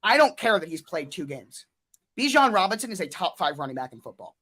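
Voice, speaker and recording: A man's voice: high-pitched, big pitch swings, fairly quick, sharp tone. A man co-hosting a casual sports podcast, enthusiastic and earnest, citing statistics. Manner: earnest, stat-heavy, enthusiastic. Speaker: podcast co-host.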